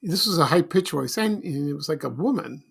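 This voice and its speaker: A man's voice: fairly high pitch, animated, fairly quick, gravelly, husky. A middle-aged man from Chicago hosting a casual solo podcast, rambling and nostalgic with many fillers and restarts. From Chicago, USA. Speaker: podcast host.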